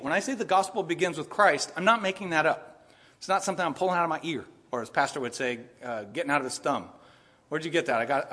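A man preaching a sermon in a church, emphatic and swinging between loud and soft. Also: high-pitched. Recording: long reverb in a large hall.

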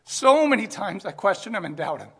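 A man preaching a sermon in an earnest way, building to emphatic peaks and then dropping to quiet asides. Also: high voice, big pitch swings, brisk, gravelly, breathy edge, long reverb tail. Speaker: pastor.

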